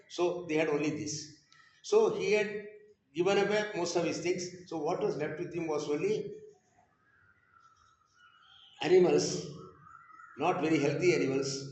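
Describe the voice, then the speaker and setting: A man's voice: fairly high pitch, darkish tone, a little hiss or hum. Man teaching scripture, roomy sound. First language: Tamil. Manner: conversational, digressive, with rhetorical questions and wry asides. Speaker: spiritual teacher. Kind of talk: scripture class storytelling. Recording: roomy, dull lo-fi recording.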